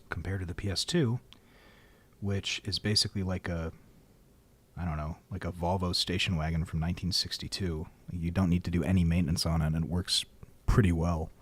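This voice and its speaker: A man with a low, slightly rough voice streams a game into a studio microphone. In this casual livestream chat, he rambles wryly to fill dead air.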